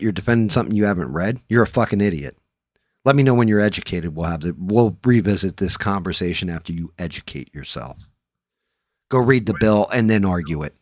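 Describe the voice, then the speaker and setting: Profane storytelling man, low voice. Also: no echo, clean studio sound. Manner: profane, storytelling, animated when riled up. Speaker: podcast host. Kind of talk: casual chat.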